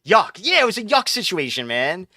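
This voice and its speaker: A man streaming live, ranting in a rambling, profane way. His voice sits somewhat high and sounds bright and forceful. The sound is dry and close, with no room echo. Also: sing-song, moderate pace. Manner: profane, exasperated, rambling with restarts. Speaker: livestream host. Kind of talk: casual ranting storytelling.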